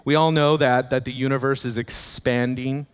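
Male pastor, mid-pitched voice, relaxed sermon style, long church-hall reverb. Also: normal speed, clear, resonant tone. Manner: conversational, with chuckling asides.

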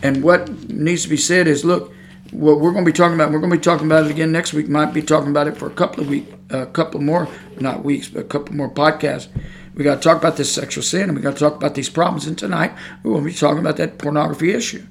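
A man's voice: fairly high pitch, steady tone, quick pace, creaky, a little hiss or hum. A man preaching a sermon on his podcast, talking in a fired-up, conversational way and repeating his points.

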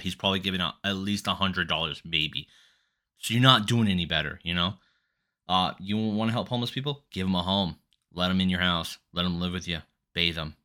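Low-voiced man in a profane rambling rant. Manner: animated, exasperated. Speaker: podcast host. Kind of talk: solo podcast rant.

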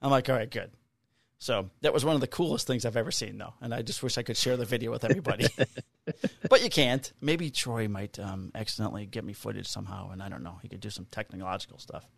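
Swearing, animated man telling a story. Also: fairly low pitch, fast talker, gravelly, dry recording. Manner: animated storyteller, swears freely, acts out quotes in raised voice. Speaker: podcast co-host, police officer. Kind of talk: casual storytelling chat.

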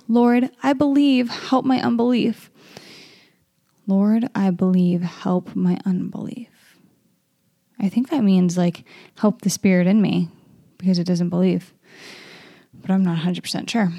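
A young woman reads a scripture passage aloud, then reflects on it in a loose, chatty way, trailing off into fillers and restarts. Her voice is mellow and a little gravelly. The sound is close and dry, with no room around it. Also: medium pitch, dry recording. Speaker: Bible reading host. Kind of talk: casual Bible reading and reflection.

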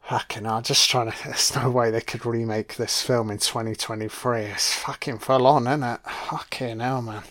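A man's voice: mid-range voice, steady tone, moderate pace, hardly any pauses, fairly bright tone. A man giving casual watch-along film commentary, swearing freely and talking back at the screen. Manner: profane, reactive, talks back at the screen.

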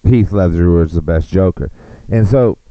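Crude rambling man with a deep voice. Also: normal speed, dry recording, highs cut off. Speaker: podcast host. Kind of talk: comedic rant.

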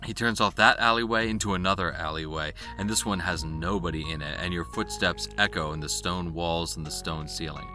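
A man's voice: sits low, brisk, few pauses, pushed and bright, faint music behind. A man narrating as game master, describing scenes at length with uh and um. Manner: descriptive, with fillers like uh and um.

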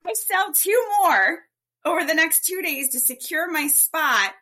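A woman guest on an interview show, telling a personal story in an emphatic, animated way. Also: very high-pitched, measured pace. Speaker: guest entrepreneur.

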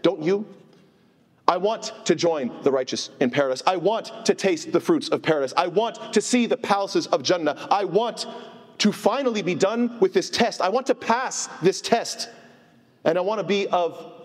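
A man giving an informal religious lecture, animated and asking his listeners rhetorical questions. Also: sits high, moderate pace, husky. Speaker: Islamic teacher. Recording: long hall reverb.

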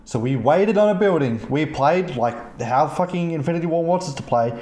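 Profane podcast host in an echoey room. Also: male voice, on the high side, normal speed. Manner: animated, profane, acts out quoted players. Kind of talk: casual storytelling chat.

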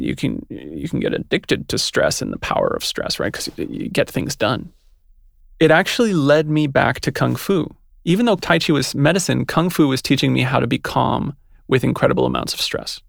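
A man's voice: medium pitch, gravelly, no room sound, studio quality. A man, a podcast guest, talking in a reflective, casual way and acting out his own inner voice. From West. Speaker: podcast guest, yoga teacher. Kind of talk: casual conversation.

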